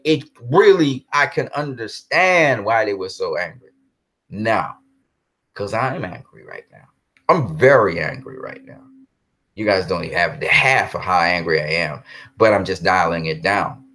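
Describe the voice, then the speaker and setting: On a live stream, a man with a lowish, fairly bright voice talks casually yet heatedly. Repeating himself, he addresses viewers head-on and reads and answers what they post in chat.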